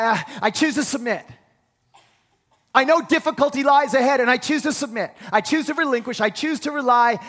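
A pastor preaching a sermon to a congregation, emphatic, leading them in call-and-response. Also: male voice, extremely high pitch, a bit bright. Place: large church sanctuary. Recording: long hall reverb.

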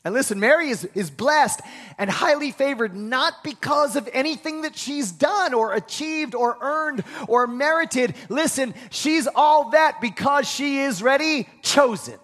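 A male pastor delivers a sermon in a noticeably high voice. He speaks emphatically, often repeating the first word of a sentence before pushing on. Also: fairly bright tone. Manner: emphatic, repeats words when starting sentences.

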